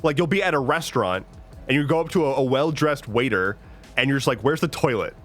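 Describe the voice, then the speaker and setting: A man's voice: medium pitch, expressive, brisk, fairly bright tone. A man chatting casually on a stream, rambling and joking with lots of restarts and swearing. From United States. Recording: faint music behind.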